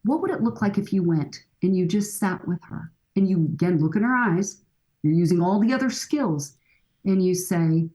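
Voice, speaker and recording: A woman's voice: lowish voice, animated, moderate pace, mellow, poor audio. Earnest woman coaching dads. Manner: earnest, coaching, acts out dialogue. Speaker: guest expert on fathering. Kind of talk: podcast conversation.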